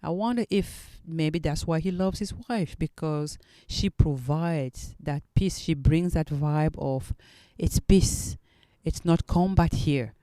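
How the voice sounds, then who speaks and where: Woman podcast host, earnest and reflective, smooth voice, dry close sound. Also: sits low, warm tone, no echo. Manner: earnest and reflective, with halting restarts. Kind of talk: solo podcast talk.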